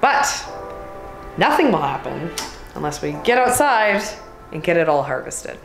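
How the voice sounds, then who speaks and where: A lower-pitched woman talks through her farm days in a casual vlog, dry and self-mocking with frequent laughs. Light music plays softly beneath her voice. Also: sing-song, measured pace, creaky, echoey room. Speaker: flower farmer. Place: flower farm, outdoors and in a work shed.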